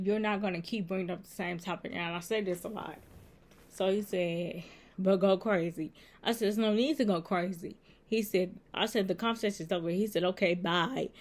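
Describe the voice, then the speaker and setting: A woman's voice: medium pitch, a little mellow. A woman vlogging a casual storytime at home. She retells a text-message exchange line by line, switching back and forth between what he said and what she said. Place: indoors at home, with a laptop nearby.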